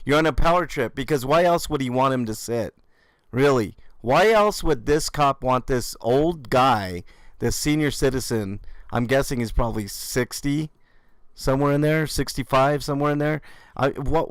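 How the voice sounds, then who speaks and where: A man's voice: medium pitch, normal speed, dry recording. A man hosting a channel, giving casual, sarcastic commentary on police footage with frequent swearing. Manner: sarcastic, mocking, swears freely. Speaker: YouTube channel host reacting to police video.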